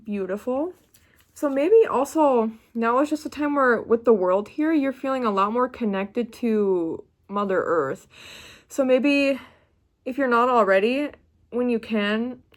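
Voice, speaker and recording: A young woman giving a pick-a-card tarot reading, chatty and excitable, often breaking off mid-word. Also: fairly high pitch. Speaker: tarot reader.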